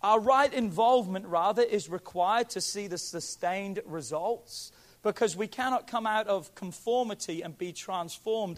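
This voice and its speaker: A man preaching a sermon as pastor, emphatic and pleading, swinging from quiet asides to near shouts. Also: high voice, unhurried.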